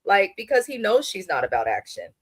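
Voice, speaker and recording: A woman's voice: mid-range voice, wildly swooping pitch, a little fast, husky, dry recording. A woman co-hosts a casual reality TV recap in a blunt, opinionated tone and drops swear words freely. Her voice sits close and dry, with no room sound. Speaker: podcast co-host.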